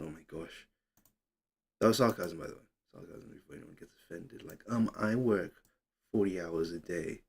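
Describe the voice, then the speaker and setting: A man's voice: low-pitched, normal speed, gravelly, darkish tone, husky. A young man hosting a casual livestream, chatting loosely, reading comments aloud and fumbling with his setup. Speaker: livestream host.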